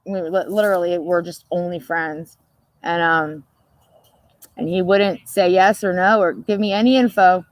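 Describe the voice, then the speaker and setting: A woman hosting a casual livestream, telling a story in a profane, animated way and laughing often. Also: on the low side, normal speed, no room sound. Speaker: livestream host.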